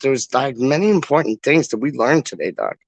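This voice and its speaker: A man's voice: mid-range voice, big pitch swings, fairly quick, creaky, no echo. A man hosting a fan-channel livestream, chatting casually to viewers in a slangy, repetitive, playful way. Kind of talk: casual rambling chat to viewers.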